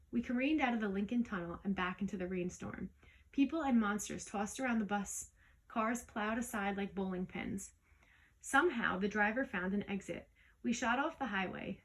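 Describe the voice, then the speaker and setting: A woman reading a storybook aloud in the first person, lively, with small slips that she corrects as she goes. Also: mid-range voice, poor audio. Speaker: audiobook reader. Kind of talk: storybook read-aloud narration.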